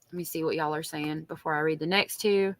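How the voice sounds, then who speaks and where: Deep and steady, this woman's voice runs a little fast, captured in a dry recording. Speaking with a strong Southern accent, she reads diary entries during a true crime live stream and chats with viewers in the gaps. Her manner is chatty as she reads and answers the chat.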